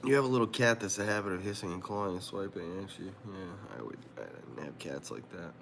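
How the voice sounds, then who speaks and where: A man's voice: deep voice, quick pace, fairly bright tone, a little hiss or hum. A man hosting a livestream from a room at home, chatting casually in a rambling, profane way and laughing often. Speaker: livestream host. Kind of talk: casual chat.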